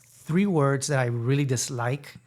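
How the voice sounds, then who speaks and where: A man in his fifties with a Miami accent, chatting casually as a podcast guest co-host and telling stories with lively emphasis. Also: mid-range voice, unhurried. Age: 50s. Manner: animated storyteller mixing in Spanish phrases.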